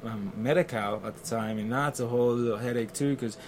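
Briskly and at a medium pitch, a man tells a story about his own experience in a casual exchange, with a little hiss or hum audible. He animatedly performs the quoted lines of others and uses fillers and restarts.

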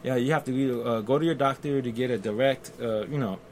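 A medium-pitched man speaks fast over slight background noise as he casually tells a personal story. He acts out the voices of the people in it with lots of animation, and his speech has fillers and restarts.

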